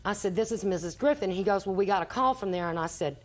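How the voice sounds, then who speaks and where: A woman's voice: medium pitch, fast. Older grandmother rambling through testimony. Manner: rambling storytelling, acting out quoted dialogue. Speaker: litigant, grandmother. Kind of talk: courtroom testimony. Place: TV courtroom.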